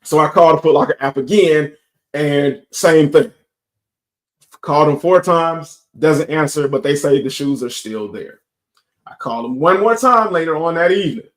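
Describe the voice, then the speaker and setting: A young man, telling a profane, animated story as a sneaker channel host and acting out both sides of an argument. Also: a little high, normal speed. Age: young adult. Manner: profane, animated storytelling with quoted back-and-forth. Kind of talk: casual storytime rant.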